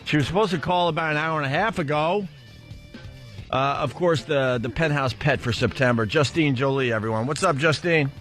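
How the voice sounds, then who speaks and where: A man's voice: fairly high pitch, brisk, a bit bright, faint music behind. A man hosting a radio talk show, bantering bluntly and teasing his guest.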